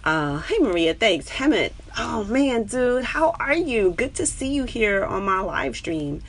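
On her own live stream, a New York stand-up comedian chats casually with viewers, animated and unhurried, with a breathy edge. Her voice shoots up high when she gets excited, picked up by a webcam or phone.

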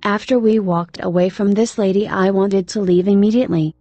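A woman narrates a religious testimony with earnest exhortation, her tone mellow and warm. Soft music plays faintly behind her. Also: mid-range voice, fairly even intonation, brisk, no echo.

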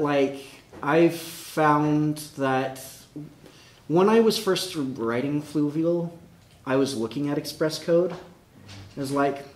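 A man presenting his own project at a tech meetup, relaxed and upbeat, laughing easily between answers. His voice carries a roomy echo, with a light layer of noise behind it. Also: mid-range voice. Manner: laughing, upbeat, talks in bursts. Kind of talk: casual tech talk. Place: meetup room. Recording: echoey room with faint noise.

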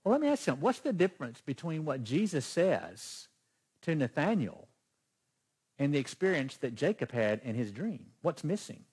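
A man's voice: on the high side, sing-song, normal speed, darkish tone, husky. A man preaching a sermon as pastor, emphatic and putting questions to the congregation.

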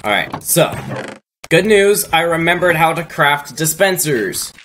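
A man's voice: fairly high pitch, big pitch swings, unhurried, a bit bright, poor audio. A man hosting a let's play, chatting casually and thinking aloud as he builds. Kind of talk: casual gameplay chat.

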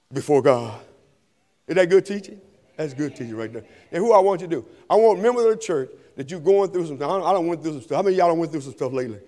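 A man preaching an altar-call sermon in a church, calling to the congregation and rising to shouts. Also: on the high side. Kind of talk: sermon invitation. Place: church sanctuary. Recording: long reverb of a church hall.

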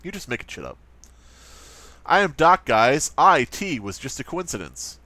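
A man's voice: a little high, big pitch swings, moderate pace, bright, forceful tone, no room sound. A man doing playful, sarcastic let's play commentary while playing and talking straight to his viewers. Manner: sarcastic, jokey, talks to viewers. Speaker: gaming commentator.

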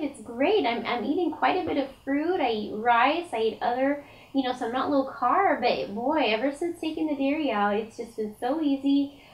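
A woman's voice: fairly high pitch, rough recording. Chatty woman losing her voice. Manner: chatty, lots of fillers and restarts. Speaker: diet vlogger. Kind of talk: casual vlog talk to camera.

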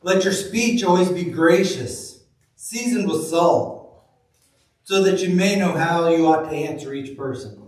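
Folksy preacher in an echoey church. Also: male voice, fairly high pitch, animated, a little mellow. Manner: folksy storytelling, slow deliberate reading of scripture. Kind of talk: sermon. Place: church sanctuary. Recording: very echoey room, from far off.

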